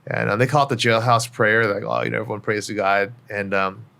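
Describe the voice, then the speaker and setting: A man's voice: lowish voice, steady tone, brisk, vocal fry, sharp tone. A middle-aged man speaking as a podcast guest, telling his life story in a candid, reflective way with many fillers. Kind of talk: personal story in casual interview.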